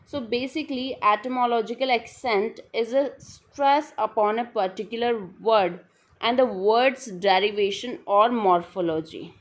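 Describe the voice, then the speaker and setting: A woman's voice: a little high, unhurried. Woman teaching a literature lesson. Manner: repetitive, restating definitions with frequent fillers. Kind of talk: explanatory lecture.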